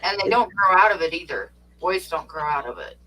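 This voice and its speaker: A man co-hosting a stream, chatting casually and telling relaxed family anecdotes. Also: high voice, brisk, far from the mic, a little hiss or hum, low-quality recording. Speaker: co-host. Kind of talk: casual chat.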